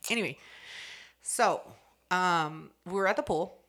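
Young woman co-host, bright voice, swears freely, plays out every character in her story. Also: lowish voice, measured pace. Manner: profane, animated, acts out the voices in her story. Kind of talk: casual storytelling chat.

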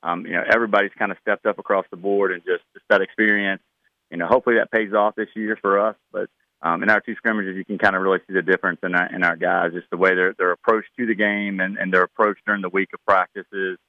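A middle-aged man, a high school football coach, answering radio interview questions in a relaxed, plain-spoken way with many fillers and restarts. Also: quick pace, no echo, phone-quality sound.

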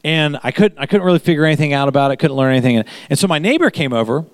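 A man's voice: on the high side, animated, racing, dry recording. A man pastor giving a chatty sermon, telling anecdotes and repeating phrases for emphasis. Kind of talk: conversational sermon.

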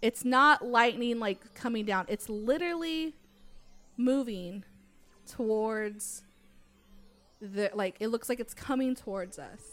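A young woman casually recounting a scary night to friends, animated and full of fillers, swearing freely. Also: on the high side, takes it slowly, pauses often. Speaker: storyteller. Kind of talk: casual chat.

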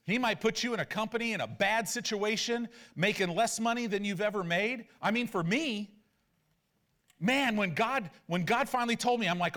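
A man in his forties, a pastor, preaching with animated personal stories and rhetorical questions. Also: sits high, normal speed.

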